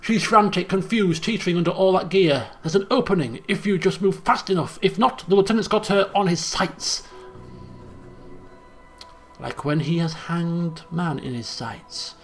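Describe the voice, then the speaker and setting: Man, game commentary, lively high voice, gravelly, bright. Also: normal speed, faint music behind. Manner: jokey, animated, exasperated. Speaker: let's player.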